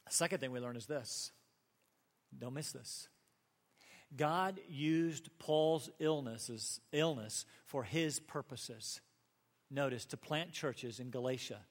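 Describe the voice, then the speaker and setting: A man preaching a sermon as pastor, earnest, rising to emphatic peaks and dropping to soft asides. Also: mid-range voice, slow. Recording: long hall reverb.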